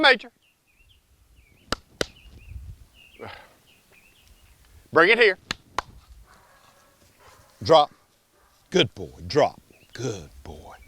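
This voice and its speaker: Middle-aged male dog trainer at home, average pitch, relaxed talk with clipped commands. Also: no room sound. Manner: explains conversationally, then gives short firm commands to a dog. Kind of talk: casual instructional vlog. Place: home kitchen.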